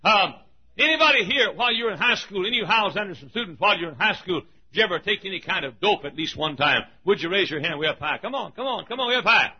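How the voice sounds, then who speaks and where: Man preaching, high lively voice, husky, dull lo-fi church recording. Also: fast. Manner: emphatic, shouting preacher with laughter from the congregation. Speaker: pastor. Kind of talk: sermon. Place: church sanctuary.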